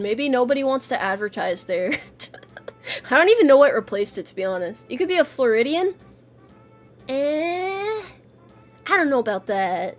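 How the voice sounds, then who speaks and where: Woman, casual stream chat, playful, swears, laughs a lot, high voice, lively swings. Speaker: VTuber streamer.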